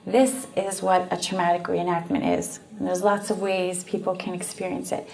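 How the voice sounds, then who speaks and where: A woman with a Canadian accent, earnestly explaining and telling a story in a casual, conversational way, with frequent pauses and fillers. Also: on the low side, flat delivery, gravelly, darkish tone. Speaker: guest speaker on post-abortion trauma.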